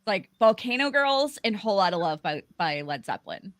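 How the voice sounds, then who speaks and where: A woman's voice: medium pitch, very animated, fairly quick, no room sound, studio quality. A woman hosting a live aftershow stream, chatting casually with many fillers. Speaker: livestream host.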